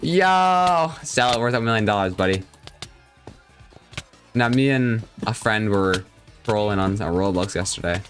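A young man with a somewhat low voice chats casually on a game live stream. He jokes around and reads out his viewers' messages as he plays. Faint background music runs under his talk. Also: fairly even intonation, normal speed, long pauses, a bit bright. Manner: chatty, joking, reads and answers viewer chat.

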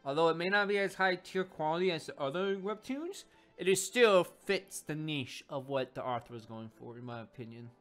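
A man's voice: fairly high pitch, normal speed. A man casually reviewing a web comic, rambling and correcting himself as he goes. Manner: rambling, self-correcting, animated. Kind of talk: casual video commentary. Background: faint background music.

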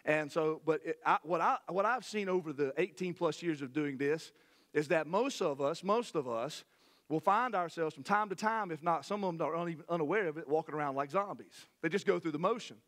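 A middle-aged man, preaching a sermon to his church in a folksy, animated way with many restarts. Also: fairly high pitch, a little fast. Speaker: pastor. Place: church sanctuary.

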